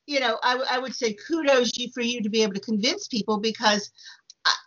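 A woman working as a psychic medium, telling stories in casual conversation, with halting starts and plenty of fillers. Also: fairly high pitch, highs cut off. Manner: halting starts, many fillers, animated retelling. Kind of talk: conversational storytelling.

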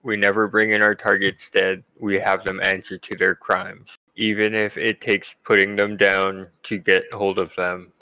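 A man voicing an honorable bounty hunter who speaks slowly and gravely about his guild's code. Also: low-pitched, level tone, bright, forceful tone, dry recording, full character voice, rough recording. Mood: solemn.

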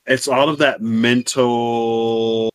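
A man co-hosting a casual chat, animated and playful, with slang and frequent laughs. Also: mid-range voice, extremely slow, smooth, no echo. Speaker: podcast co-host.

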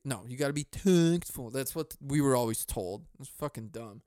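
A man's voice: medium pitch, lively intonation, normal speed, hardly any pauses, dark tone, dry recording, clean studio sound. A man hosting a solo comedy podcast, ranting in a cynical, profane, rambling way, breaking off to laugh and sigh. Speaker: podcast host.

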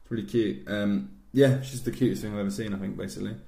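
A man's voice: on the low side, fairly even intonation, quick pace, creaky, mellow. A young man telling stories in casual chat, swearing freely and joking. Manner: banter-heavy storyteller, swears freely. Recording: echoey room.

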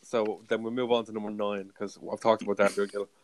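A man's voice: on the low side, flat delivery, fast talker, a little hiss or hum. A man, co-hosting a podcast in an upbeat, casual chat. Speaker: podcast co-host. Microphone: remote call mic.

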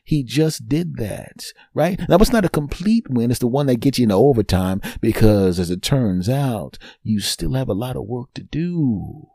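Guy podcasting solo, mellow low-key tone, dry close mic. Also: animated, moderate pace, vocal fry, hardly any pauses, no echo. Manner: talks the listener through a story, then plays the cheater's apology low and soft; coaching, uses sports metaphors. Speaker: podcast host. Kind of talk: casual monologue.

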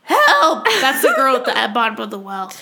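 A young woman co-hosting a casual podcast, laughing a lot, swearing freely and joking fast with her friend. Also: on the high side, bright, forceful tone. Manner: giggly, swears freely, quick joking banter. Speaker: podcast co-host. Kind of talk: casual chat.

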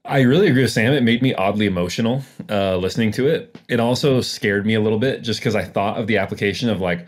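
A man with a lowish, husky voice speaking as the podcast's producer. He talks earnestly and hesitantly, leaning on fillers as he works through his thoughts. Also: fairly quick, hardly any pauses. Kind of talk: casual podcast chat.

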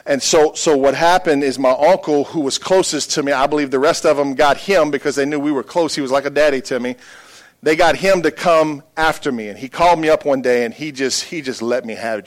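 Preacher man, mid voice, tells a heavy personal story, goes soft then really loud. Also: medium pitch. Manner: emotional storytelling, swings from quiet to loud. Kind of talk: sermon.

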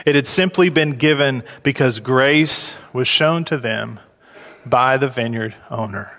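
A man preaching a sermon, his voice climbing high and loud when he acts out complaining workers. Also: unhurried, big-room sound. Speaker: pastor.

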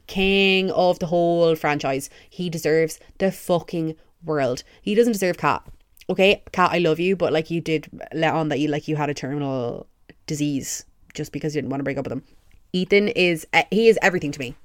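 A young woman pours out excited, swear-laden praise in a casual podcast monologue. Her voice sits a little low for a woman and sounds close and dry, with no room around it. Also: no room sound. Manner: gushing, excitable, heavy swearing. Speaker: podcast host. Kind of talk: casual fan review monologue.

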